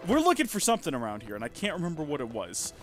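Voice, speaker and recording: A man's voice: fairly high pitch, wildly swooping pitch, very fast, soft background music. A man in his thirties chatting casually as a streamer, rambling and poking fun at himself. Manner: chatty, rambling, self-mocking. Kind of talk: casual let's-play commentary.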